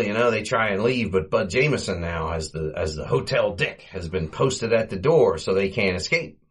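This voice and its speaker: A man hosting a podcast, casually retelling an old comedy short, chuckling often and giving quoted lines a quick comic voice. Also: on the low side, animated, breathy edge. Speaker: podcast host.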